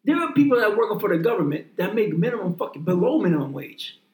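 High-voiced man ranting in an echoey room. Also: big pitch swings, quick pace, darkish tone. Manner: profane, emphatic, repeats and restarts words. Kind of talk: heated casual chat. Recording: roomy echoing room.

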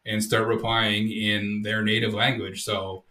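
A man co-hosting a podcast, reading out news updates in a steady, upbeat casual chat. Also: lowish voice, a little slow, roomy sound, a little hiss or hum. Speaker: podcast co-host.

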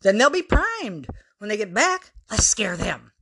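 A woman voicing a cheeky young woman soldier who likes pranks, with a high, quick, pleading and teasing way of talking in a read-aloud story. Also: sing-song, fairly bright tone.

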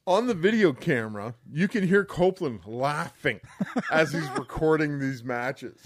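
A man co-hosting a podcast, telling a story in an animated, profane way with frequent laughter, close to the mic. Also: on the high side, dry recording. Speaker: podcast co-host. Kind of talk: casual storytelling.

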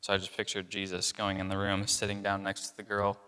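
In a large hall, a young man preaches casually with a low voice and a completely flat, brisk delivery, bright, forceful and clean in tone. He uses plenty of fillers and acts out the voices of people in his story.

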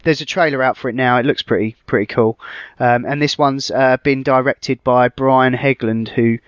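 A man co-hosting a casual film podcast, relaxed and hesitant, often pausing with uh and um. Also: mid-range voice, clear, resonant tone, no echo, highs cut off. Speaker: podcast co-host.

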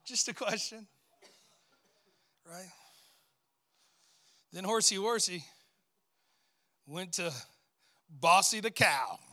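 High bright-voiced preacher. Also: male voice, very slow, pauses often. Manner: animated, storytelling preacher calling out to the congregation. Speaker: pastor. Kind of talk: sermon.

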